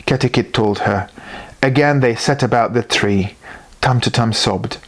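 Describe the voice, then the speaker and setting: A storyteller reading a children's story aloud in an animated, unhurried way. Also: medium pitch.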